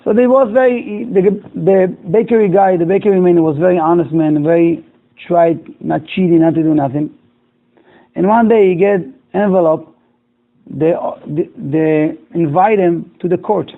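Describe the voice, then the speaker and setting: Man, rabbi storyteller, high voice, gravelly, phone-like sound. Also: normal speed. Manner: animated storyteller acting out dialogue, broken English. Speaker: rabbi teaching a class. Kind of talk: telling a moral story in a class. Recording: tinny, phone-like lo-fi recording.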